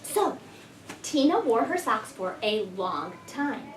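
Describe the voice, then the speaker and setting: A woman teacher doing an expressive read-aloud, stopping often to ask her class questions. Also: fairly high pitch, takes it slowly, a little hiss or hum. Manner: expressive storytelling, prompting children. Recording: echoey room, voice from far off.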